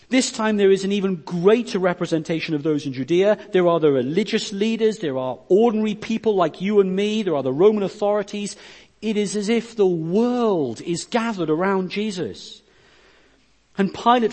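This man preaches in a high, darkish voice at normal speed, reading scripture verses aloud and explaining them as his force rises and falls. A long hall reverb colors the recording.

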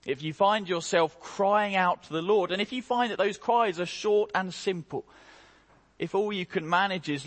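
Guy preaching a sermon, kinda high voice, slow n emphatic, big hall echo. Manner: slow, emphatic delivery with dramatic rises and quiet drops. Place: church hall. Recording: long hall reverb.

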